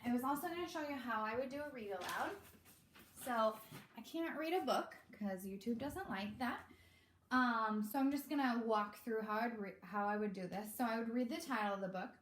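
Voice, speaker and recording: A woman teacher talking casually to parents about how she teaches young kids, chatty and relaxed with lots of fillers. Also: fairly high pitch, normal speed. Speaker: kindergarten teacher. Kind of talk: casual instructional talk to parents. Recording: echoey room.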